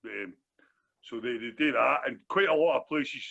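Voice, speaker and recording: Expressive and a bit bright, this man's medium-pitched voice has some vocal fry and moves at a moderate pace. He's a Glaswegian co-host on a casual beer review podcast who rambles, repeats himself and keeps saying "do you know what I mean," all captured in dull lo-fi sound.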